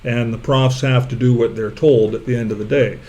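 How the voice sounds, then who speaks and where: A man's voice: mid-range voice, fairly even intonation, brisk, dark tone. Teasing male discussion moderator. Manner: teasing, steers the conversation. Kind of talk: casual panel discussion.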